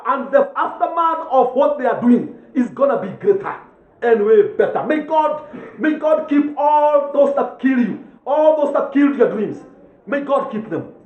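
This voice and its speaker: High-voiced Kenyan pastor preaching fervently. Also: male voice. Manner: fervent preaching, switching into Swahili and Kikuyu. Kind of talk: sermon. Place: church hall. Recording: echoey church, tinny phone-like sound.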